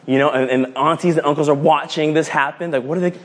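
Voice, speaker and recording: A man's voice: a little high, fast. A man preaching a casual, playful sermon, telling a story and often restarting his phrases. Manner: animated, rambling with restarts, playful.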